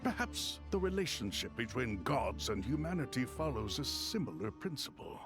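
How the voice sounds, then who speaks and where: A gravelly solemn old retainer spirit. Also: male voice, medium pitch, very animated. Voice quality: gravelly, measured and formal. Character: solemn ancient male retainer spirit, once imprisoned. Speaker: game character, a former retainer. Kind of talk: video game voice acting. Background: game music.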